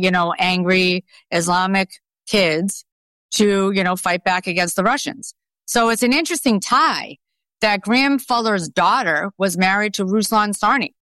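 A woman's voice: mid-range voice, a bit bright, no room sound. A middle-aged woman with a Boston accent, a guest in an interview, talking emphatically and skeptically in a conversational way. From Boston, USA. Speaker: guest journalist. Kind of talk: podcast interview.

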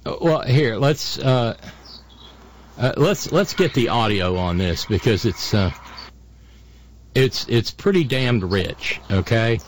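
A man's voice: medium pitch, expressive, takes it slowly, long pauses, a little hiss or hum. An older man hosting a podcast, talking in a sarcastic, mocking way with lots of ums and restarts. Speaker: podcast host. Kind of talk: casual political commentary.

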